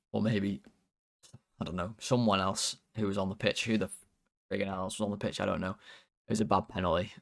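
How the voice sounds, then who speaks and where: A man's voice: on the low side, creaky, a bit bright. A man hosting a fan channel, rating players in a casual, rambling, exasperated way with lots of fillers.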